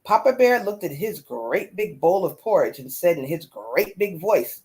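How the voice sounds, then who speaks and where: A woman reading a children's story aloud in an expressive, animated way. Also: fairly low pitch, normal speed, hardly any pauses. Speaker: storyteller host.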